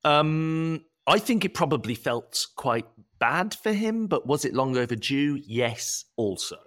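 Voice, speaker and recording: A man's voice: on the high side, sing-song, unhurried, a bit bright. A man playing an earnest, hesitant radio producer in a comedy podcast.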